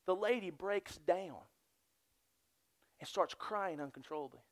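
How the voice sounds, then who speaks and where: A man preaching a sermon as pastor in a church, dropping to hushed near-whispers and then building to loud, excited storytelling. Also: high voice, measured pace.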